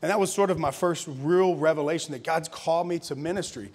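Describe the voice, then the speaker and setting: A man's voice: fairly high pitch, fast talker. A pastor in his thirties from Louisiana, telling his testimony in a conversational sermon with laughs and restarts. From Louisiana, USA. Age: 30s. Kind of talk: conference sermon, personal testimony.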